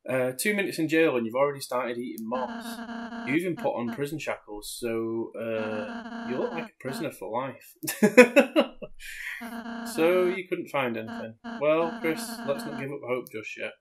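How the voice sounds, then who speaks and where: A man putting on a soft-spoken timid monster prince. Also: mid-range voice, very animated, unhurried, crowd noise. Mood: gentle. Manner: soft, polite, worried. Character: gentle, timid young goat-like monster prince. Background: game music.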